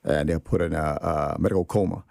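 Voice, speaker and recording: A man's voice: very deep voice, steady tone, a little fast, gravelly, a little mellow, dry recording, clean studio sound. A man telling a personal story on a podcast in an earnest, reflective way. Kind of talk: casual podcast conversation.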